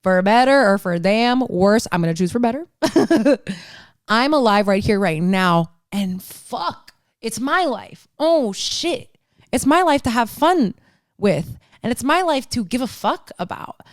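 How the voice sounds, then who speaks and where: A woman's voice: on the high side, animated, unhurried, no room sound, studio quality. A young woman hosting her own podcast, talking alone in an earnest, rambling way, swearing freely and laughing often. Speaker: podcast host. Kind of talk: casual solo monologue.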